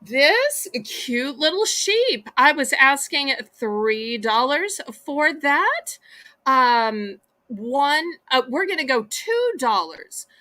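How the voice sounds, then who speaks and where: A woman hosts a live online sale, her voice high and bouncing across a wide range. She talks slowly and chattily, with a bright edge that is starting to fray. The sound is close and dry, with no room around it. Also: big pitch swings, no echo. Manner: chatty, folksy, drawn-out sales patter. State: losing her voice. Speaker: live online auction host. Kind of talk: live-stream selling chat.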